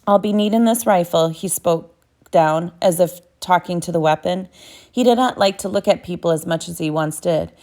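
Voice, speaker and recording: A woman's voice: on the low side, moderate pace, darkish tone. A woman narrating a novel as an audiobook, reading steadily with small self-corrections.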